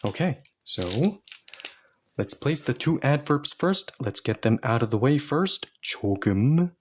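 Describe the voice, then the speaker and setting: Husky man patiently teaching grammar. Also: medium pitch, big pitch swings, unhurried. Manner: patient, playful, explains step by step. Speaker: Korean language teacher. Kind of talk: explaining grammar in a lesson.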